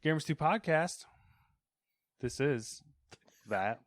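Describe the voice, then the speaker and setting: A man's voice: on the high side, animated, takes it slowly, no room sound. A man hosting a weekly gaming podcast, chatting loosely and trailing off mid-thought. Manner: rambling, trails off into mumbles. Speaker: podcast host. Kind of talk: casual chat.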